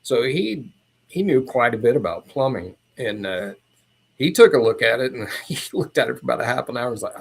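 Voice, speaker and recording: A man who is a podcast guest, recounting a personal story in a casual, meandering and animated way. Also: medium pitch, a little fast, gravelly, slightly rough.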